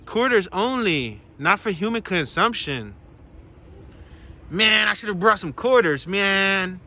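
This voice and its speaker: A man's voice: high-pitched, animated, takes it slowly, pushed and bright. A man vlogging casually on a walking tour outdoors by a pond, playful and slangy as he jokes around. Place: outdoors by a pond in cold weather.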